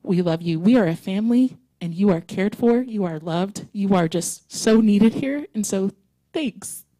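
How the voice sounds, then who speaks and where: A woman leading worship at a church service, giving chatty, excitable announcements and a closing prayer. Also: mid-range voice, unhurried, dry recording, poor audio.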